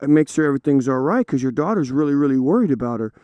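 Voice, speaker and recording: A man voicing a calm, patient sheriff who speaks gently to calm things down. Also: mid-range voice, quick pace, dry recording, lo-fi sound, natural voice. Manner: gentle, de-escalating.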